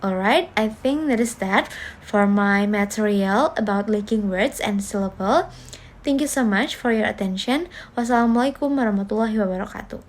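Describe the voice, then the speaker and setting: A woman's voice: medium pitch, normal speed. A young woman giving a class presentation as a student, explaining step by step with small fillers.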